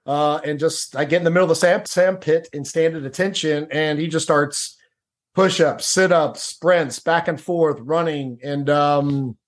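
A middle-aged man with a slightly high voice tells a personal story in a relaxed, conversational way. He restarts his sentences and leans on "like" and "dude.". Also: measured pace. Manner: casual, repeats words, says "dude" and "like". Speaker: podcast guest. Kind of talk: storytelling interview.

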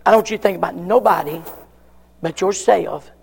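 Preacher guy, high gravelly voice, slow and emphatic, church hall echo. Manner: emphatic, repeats questions with long pauses. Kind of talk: sermon.

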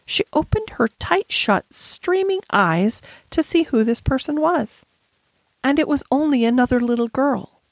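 A woman's voice: on the high side, gravelly, no echo. Woman reading a storybook aloud. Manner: measured, gentle storytelling. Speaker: audiobook narrator. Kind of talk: scripted narration.

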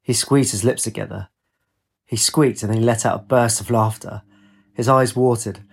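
A man narrating a story in a steady, even reading voice. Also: fairly low pitch, moderate pace, creaky, breathy edge. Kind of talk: audiobook narration.

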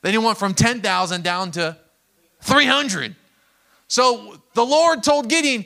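A man delivering a sermon with a high-pitched, bright voice. He tells the story dramatically, acting out the characters, jumping to loud outbursts and then dropping back to quiet asides. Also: normal speed. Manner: animated storytelling, acting out voices with big swings in volume. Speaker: pastor.

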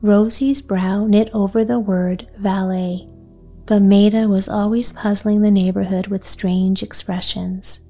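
Calm woman reading a bedtime story. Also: mid-range voice, unhurried, soft background music.

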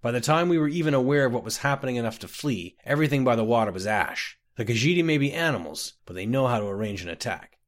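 A man's voice: mid-range voice, expressive, fast, hardly any pauses, close to an everyday voice. A man voicing a grim, dryly sardonic male clerk, a little raised from his narration. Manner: dry, grimly sardonic.

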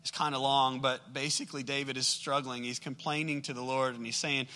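A man preaching a sermon to a live congregation in a church. He talks to them directly and conversationally, swinging from loud emphatic outbursts to quiet soft asides. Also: mid-range voice, fairly even intonation, brisk, hardly any pauses. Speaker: pastor.

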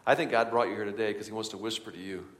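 A man's voice: on the low side, steady tone, very fast, a little hiss or hum. Preaching man with long hall reverb. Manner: swings from hushed to loud and urgent. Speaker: pastor. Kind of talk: sermon. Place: church sanctuary.

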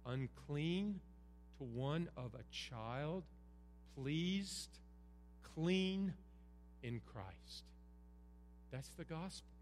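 Earnest pastor preaching in a hall. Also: male voice, mid-range voice, a little mellow. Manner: earnest preaching with emphatic repetition. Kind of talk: sermon. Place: church sanctuary. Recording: roomy hall reverb, faint hum.

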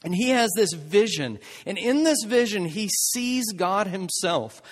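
A male preacher delivers a sermon with dramatic swings between hushed and emphatic lines. His voice sits a bit high and moves a lot in pitch. A long reverb hangs behind him, as in a big hall. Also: lively intonation, measured pace.

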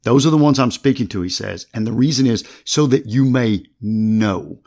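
A man's voice: mid-range voice, normal speed, darkish tone. A man hosting a podcast who explains Bible verses step by step, citing chapter and verse as he reads them aloud. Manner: reads scripture aloud with references. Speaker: podcast host, Bible teacher.

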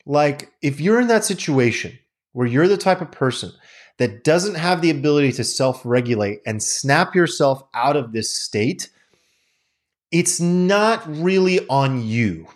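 A man's voice: a little high, animated, a little slow. A man hosting a podcast, talking through psychology ideas in a candid, casual monologue and swearing now and then. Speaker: podcast host.

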